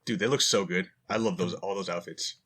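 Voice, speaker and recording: A man's voice: deep voice, brisk, a bit bright. A man in a casual podcast chat, joking and acting out his own reactions. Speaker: podcast co-host.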